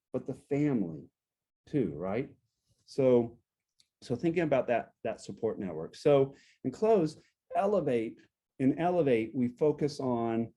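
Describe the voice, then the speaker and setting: A man giving a workshop talk to a support group, explaining step by step, checking in often with "right?", and acting out sample phrases. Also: medium pitch. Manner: acts out sample phrases to show a calm and an angry tone. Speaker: guest speaker on relationships.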